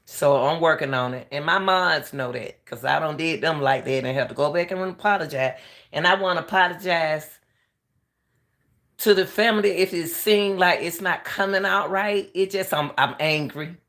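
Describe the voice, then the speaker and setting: Impassioned middle-aged woman, low voice. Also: normal speed, fairly bright tone. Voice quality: harsh coaching voice. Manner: impassioned, repeats herself, talks straight to viewers. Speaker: channel host, retired track coach. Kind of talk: emotional live commentary.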